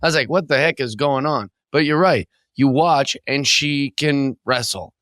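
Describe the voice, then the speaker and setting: A man co-hosting a podcast, relaxed and comedic, stretching out words for emphasis. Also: mid-range voice, moderate pace, no room sound, studio quality. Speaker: podcast co-host. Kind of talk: casual podcast chat.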